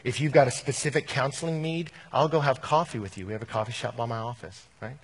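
Male minister, husky voice, middle pitch, casual emphatic sermon delivery. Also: quick pace. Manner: conversational, emphatic preaching. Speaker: campus minister.

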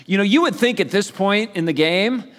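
Brief male pastor, fairly high voice, casual storyteller, sermon in a big echoing hall. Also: lively intonation, moderate pace, a bit bright. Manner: casual storytelling with playful asides. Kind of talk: sermon, conversational Bible teaching.

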